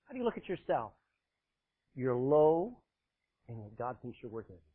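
Husky-voiced emphatic man preaching. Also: mid-range voice, sing-song, brisk. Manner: forceful, emphatic preaching with sudden loud bursts and dramatic drops; laughs often, jokes with the congregation. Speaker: pastor. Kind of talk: sermon. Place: church, live congregation. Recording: tinny phone-like sound.

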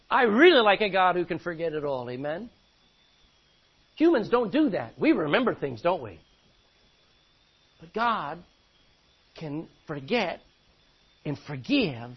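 A man preaching a sermon, swinging between loud emphatic bursts and quiet, low asides. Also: breathy edge, muffled recording. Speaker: pastor.

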